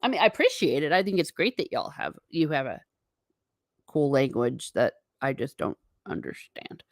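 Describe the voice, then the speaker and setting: Woman, livestream host, casual rambling chat, lowish voice, dry close sound. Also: big pitch swings, no room sound. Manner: chatty, wandering, quick asides to herself.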